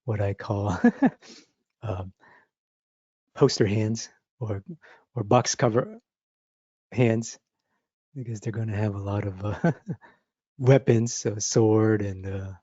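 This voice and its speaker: A man's voice: fairly even intonation, slow, pauses often, dark tone, husky, no room sound, muffled recording. Enthusiastic man teaching a drawing lesson. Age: 40s. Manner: enthusiastic, repetitive emphasis with sound effects like boop and boom. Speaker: art instructor. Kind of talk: drawing lesson with live demonstration.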